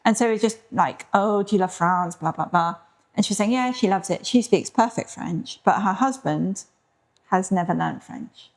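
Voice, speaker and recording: A middle-aged woman with a British accent and an everyday mid-range voice co-hosts a casual podcast. She chats in a friendly way and tells her stories in a relaxed, conversational flow. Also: mid-range voice, normal speed. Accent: British English. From Britain. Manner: friendly, chatty storytelling. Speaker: podcast co-host. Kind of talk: casual chat.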